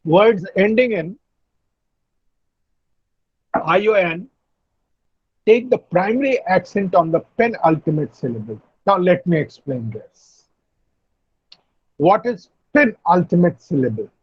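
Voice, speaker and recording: A man lecturing an online class, explaining slowly, repeating and spelling out words. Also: high-pitched, lively intonation, husky, no room sound, lo-fi sound. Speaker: university lecturer. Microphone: video call.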